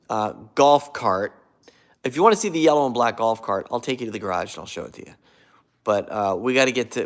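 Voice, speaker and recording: A man hosting a casual livestream, rambling and losing his train of thought while he reads out viewer comments and thanks them. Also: fairly low pitch. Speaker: livestream host.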